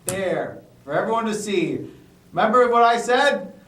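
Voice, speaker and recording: A man's voice: high voice, lively intonation, measured pace, a bit bright. A man co-hosting an improvised comedy show, sarcastic and mock-pompous, who breaks into silly songs. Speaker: co-host. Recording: echoey room, distant mic.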